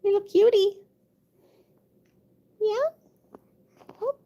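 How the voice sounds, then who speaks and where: High-voiced woman cooing to her cat. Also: little pitch movement, drawn-out words, mellow, muffled recording. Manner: coos at her cat in high sing-song baby talk, reads chat aloud. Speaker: livestreamer with pet cats. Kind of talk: casual live-stream chat.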